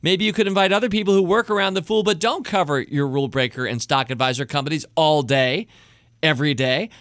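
A man's voice: a little high, brisk, a bit bright, dry recording, studio quality. Chatty middle-aged male podcast host. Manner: chatty, enthusiastic, rambling asides. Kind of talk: casual podcast chat.

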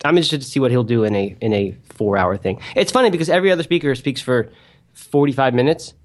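A man's voice: mid-range voice, lively intonation, quick pace. A man co-hosting a podcast, chatting casually and laughing often, with frequent restarts. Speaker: podcast co-host. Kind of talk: casual chat. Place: conference in Texas.

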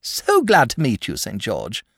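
A man's voice: medium pitch, huge pitch swings, a little slow, slightly rough, no echo, clean studio sound, voice pushed up, full character voice. A man voicing a timid, genteel male dragon who talks nervously and gets easily flustered, in a storybook reading. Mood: nervous, polite.

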